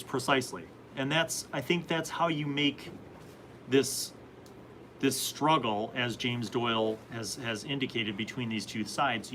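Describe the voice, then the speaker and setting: Bright-voiced man chatting on a live stream. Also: mid-range voice, slight background noise, rough recording. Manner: rambling, chatty, reads out viewer comments. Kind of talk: casual live-stream chat answering comments.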